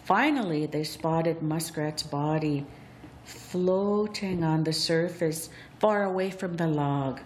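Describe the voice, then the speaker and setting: A woman telling a legend as a storybook narration, with deliberate, expressive, drawn-out phrasing. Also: low voice, a little hiss or hum.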